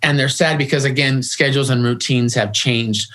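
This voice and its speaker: A man's voice: mid-range voice, fairly even intonation, normal speed, fairly bright tone. A middle-aged man guesting in an interview, speaking earnestly and often restarting and repeating his words. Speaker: grief organization founder, guest. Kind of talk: conversational interview.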